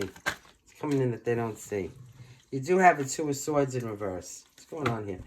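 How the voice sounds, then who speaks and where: A man from Brooklyn with a New York accent, hoarse and losing his voice, giving a chatty, emphatic tarot reading and clearing his throat often. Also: medium pitch, a little hiss or hum. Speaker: tarot reader. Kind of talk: casual tarot reading to camera.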